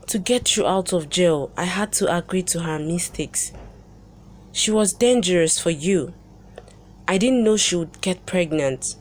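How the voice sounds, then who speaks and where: A woman reading the lines of a desperate young husband begging his wife to listen. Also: on the low side.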